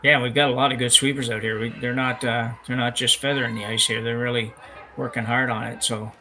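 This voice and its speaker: A man calling a curling game with relaxed, rambling chat, often correcting himself. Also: mid-range voice, a little fast, low-quality recording. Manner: chatty, rambling, self-correcting. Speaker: curling commentator. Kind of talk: live sports commentary, casual chat. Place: curling club, indoors.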